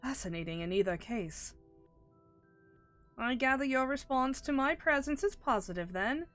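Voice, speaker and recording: A woman's voice: sits high, lively intonation, normal speed, a bit bright, faint music behind, pitched above the performer's own voice. A woman voicing a formal, long-winded alien ether being, reading its game lines in a stiff, pedantic manner. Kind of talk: reading game dialogue aloud in a put-on voice.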